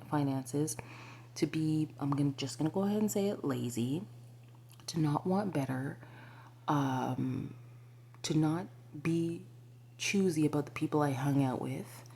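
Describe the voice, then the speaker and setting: A woman telling a personal spiritual story to her viewers, confiding and often slipping into a breathy whisper, with many asides to the listener. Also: sits low, mellow, slight background noise. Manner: frequent fillers and asides to the listener. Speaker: spiritual vlogger.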